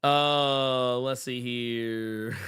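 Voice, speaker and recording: A man's voice: mid-range voice, a bit bright, smooth. A man hosting a live stream, chatting casually with viewers in an exclamatory, profane, joking way. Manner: exclamatory, profane, laughing often. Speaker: show host.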